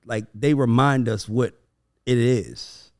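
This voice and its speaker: A man hosting a casual podcast chat, telling animated, profane stories and acting out his kids' voices. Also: mid-range voice, slow. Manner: profane, emphatic. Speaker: podcast host.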